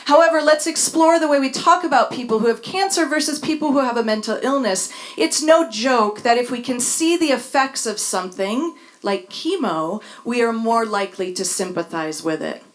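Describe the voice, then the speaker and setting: A woman's voice: a little high, fairly bright tone. Woman reading a wry stage essay. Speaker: storyteller reading a personal essay. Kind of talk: spoken essay read on stage. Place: live stage before an audience.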